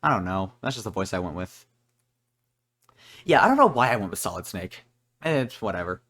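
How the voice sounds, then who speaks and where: A man's voice: deep voice, very animated, moderate pace, a bit bright. Joking man rambling over a game. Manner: joking, rambling, self-mocking. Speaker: gaming video creator. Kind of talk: casual let's play commentary.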